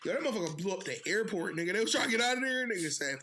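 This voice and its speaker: A man co-hosting a casual podcast chat, animated and profane, laughing often. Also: high-pitched, rapid-fire, a little hiss or hum. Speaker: podcast co-host.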